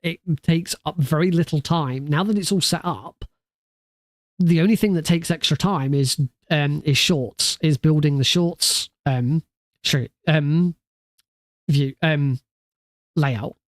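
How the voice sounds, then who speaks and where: A man's voice: fairly high pitch, slow pace, no echo. A man streaming from home, chatting loosely and correcting himself as he talks into a studio mic. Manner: rambling, loose and self-correcting. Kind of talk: casual livestream chat. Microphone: studio mic through a mixing desk.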